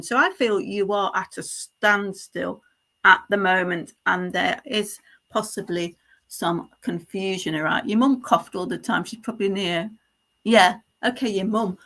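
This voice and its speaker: Woman medium, crisp bright tone, meandering live reading, lots of ums and restarts, tag questions to the sitter. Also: mid-range voice. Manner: halting, stream-of-consciousness delivery with many fillers and restarts; addresses the sitter directly, checking in with tag questions. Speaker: psychic medium.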